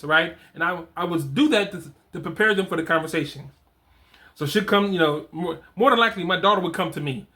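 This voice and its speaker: A middle-aged man with an animated, conversational way of talking who hosts a show on fatherhood, reading from his program and often restarting his phrases. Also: high-pitched, a little fast. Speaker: fatherhood coach and host. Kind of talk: casual solo talk reading from a program.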